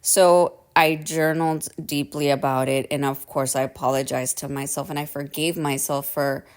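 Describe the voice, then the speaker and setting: A woman with a low-pitched voice hosts her own podcast and tells a personal story. She talks casually and chattily, and keeps checking in with her listeners as she goes. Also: steady tone, normal speed. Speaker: podcast host.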